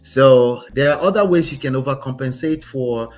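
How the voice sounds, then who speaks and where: A relationship coach reads a story aloud and comments on it, speaking emphatically and finishing many points with "right?". His mid-range voice moves at a normal pace over soft background music.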